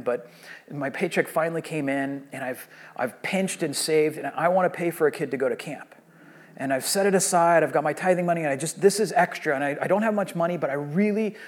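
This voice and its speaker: A man in his thirties, a pastor preaching a sermon and telling a long story in a conversational way with frequent restarts. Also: a little high.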